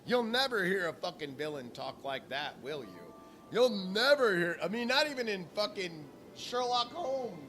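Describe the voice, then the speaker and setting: A man ranting in a casual vlog, swearing constantly and jumping between topics with animated energy. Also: high voice, moderate pace. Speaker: vlogger. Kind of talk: profane casual rant. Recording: clear music playing behind.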